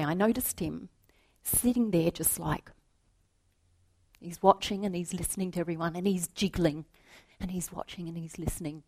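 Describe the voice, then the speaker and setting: A woman giving a reflective spiritual talk, telling a story to make her point in a gentle voice that often drops to a soft hush. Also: lowish voice, no echo. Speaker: spiritual teacher.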